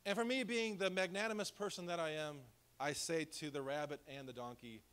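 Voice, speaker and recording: A man's voice: on the high side, fairly even intonation, fairly quick, few pauses, a bit bright, clean tone. A male pastor preaching a sermon in a church, in a conversational, humorous storytelling way. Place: church sanctuary.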